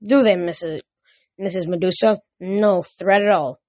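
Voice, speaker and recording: A woman's voice: fairly low pitch, measured pace, darkish tone, no room sound, highs cut off. A woman doing a dreamy, frail old mother. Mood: dotty. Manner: sweet, dreamy, wandering.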